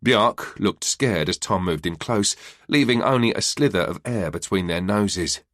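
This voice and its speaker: A man narrating a crime thriller audiobook in a measured, even way. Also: fairly low pitch, no echo, studio quality. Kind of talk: scripted narration.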